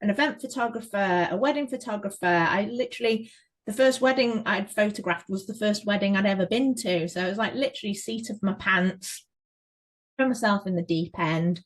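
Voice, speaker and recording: An English woman talks openly as a podcast guest, telling her life story in a lively way and leaning on little fillers as she goes. Her voice sits at an average pitch for a woman, neither high nor low. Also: fairly quick, poor audio. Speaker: guest, photographer. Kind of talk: casual podcast interview.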